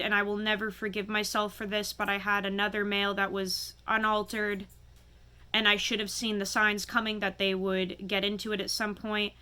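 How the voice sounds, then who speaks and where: A woman speaks straight to camera about something she has never shared, her delivery halting and full of restarts. Her voice is bright and clean, and she keeps stopping to hold back tears. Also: medium pitch, clear, resonant tone. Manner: halting, emotional, many restarts and pauses. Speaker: vlogger. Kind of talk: personal confession to camera.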